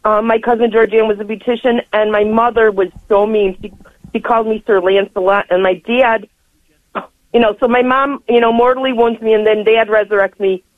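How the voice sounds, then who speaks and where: A woman's voice: a little high, steady tone, a little fast, no room sound. An older woman calls in to a radio show over a tinny phone line. She talks effusively in long, rambling stretches and laughs as she goes. Her voice comes through dry and narrow. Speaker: caller. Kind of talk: call-in radio chat.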